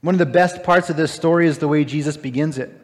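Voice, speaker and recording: A man preaching a sermon, retelling a parable with animated, emphatic, incredulous asides. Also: a little high, fast. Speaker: pastor. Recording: long hall reverb.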